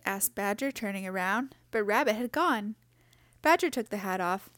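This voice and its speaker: A woman's voice: medium pitch, normal speed, no room sound, studio quality. Woman reading a picture book aloud. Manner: gentle expressive reading with character voices. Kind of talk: storybook read-aloud.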